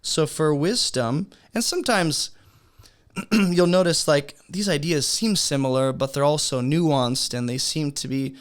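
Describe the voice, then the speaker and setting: A man teaching a beginner's Bible study lesson in a relaxed, conversational way, asking his listeners rhetorical questions. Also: a little high, a little slow.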